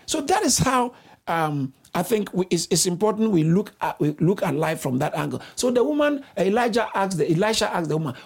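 A man preaching a sermon, urging his listeners on and repeating phrases, with his voice leaping high for emphasis. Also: very animated, normal speed, vocal fry, a little mellow, husky.

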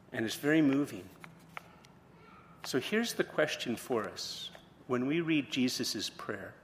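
Low-voiced preacher in a reverberant hall. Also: male voice, unhurried, a little hiss or hum. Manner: retells a story, then poses questions. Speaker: pastor. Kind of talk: sermon.

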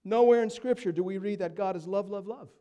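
A man's voice: sits high, fairly quick, dull audio. Emphatic preacher man in a reverberant hall. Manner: emphatic preaching, swinging from hushed to loud. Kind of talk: sermon.

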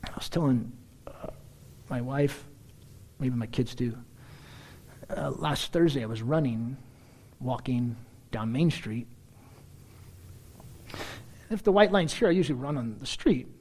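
A middle-aged male pastor preaching a sermon, telling stories in a lively, conversational way and often clearing his throat. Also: medium pitch, measured pace, long pauses. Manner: animated storyteller, conversational asides, frequent throat-clearing.

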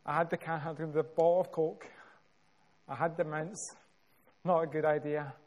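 A Scottish man preaching a sermon, telling a story with measured, dramatic pauses and building emphasis. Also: a little high, level tone, darkish tone.

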